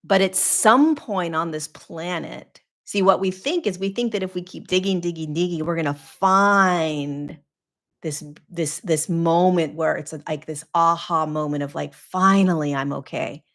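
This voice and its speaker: Low gravelly-voiced woman spiritual teacher. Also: measured pace. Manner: earnest, repetitive, coaching cadence with fillers. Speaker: spiritual teacher and podcast host. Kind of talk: live Q&A talk.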